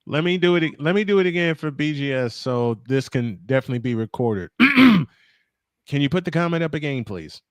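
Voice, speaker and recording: A man's voice: medium pitch, lively intonation, a little fast, smooth, no room sound. A man co-hosting a podcast, blunt and crude in casual chat. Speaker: podcast co-host.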